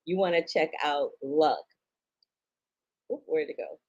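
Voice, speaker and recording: A middle-aged woman, an interviewer and film critic, talking in a warm, expressive, chatty way and laughing easily. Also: deep voice, measured pace, dull audio. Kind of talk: casual interview and review recap.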